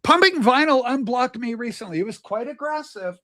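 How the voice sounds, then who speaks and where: A man's voice: extremely high pitch, animated, brisk, pushed and bright. A man hosting a casual livestream chat, teasing and exclaiming as he talks. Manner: exclaims "holy smokes", teasing. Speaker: livestream host. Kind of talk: casual banter.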